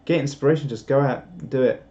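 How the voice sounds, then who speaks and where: Rambling guy with a mellow voice. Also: medium pitch, fast talker. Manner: rambling, self-deprecating, full of restarts. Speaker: live streamer reading viewer chat. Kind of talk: casual live-stream chat. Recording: dull lo-fi stream audio.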